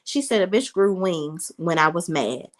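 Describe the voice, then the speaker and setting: A woman's voice: lowish voice, lively intonation, unhurried. A woman in her thirties giving a chatty, casual recap of a reality TV episode, talking straight to her viewers. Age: 30s. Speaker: reality TV reviewer.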